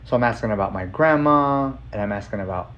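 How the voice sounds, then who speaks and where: A man telling a personal story in a casual, rambling way, full of filler words and swearing, emotional and excited. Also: fairly low pitch, fast, dull audio. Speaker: vlogger.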